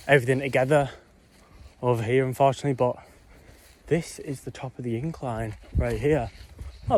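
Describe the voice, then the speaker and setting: With a darkish, mid-range voice, a young man rambles chattily through walking commentary as he explores old ruins. He is slightly out of breath and uses lots of ums and whatnots. Noisy outdoor camera audio catches him on a windy hillside.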